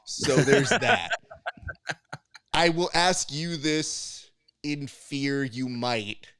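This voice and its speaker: A man's voice: a little high, very slow, fairly bright tone, clear, resonant tone, dry recording. A man co-hosting a casual podcast, teasing his co-hosts and steering the topics. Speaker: podcast co-host.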